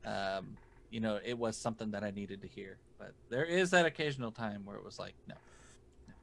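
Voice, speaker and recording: A man's voice: on the low side, brisk, vocal fry, a bit bright. A man co-hosting a podcast in casual chat, backing up his partner with short affirmations and the odd joke. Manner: supportive listener, short affirmations, joking. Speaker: podcast co-host. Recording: podcast microphone.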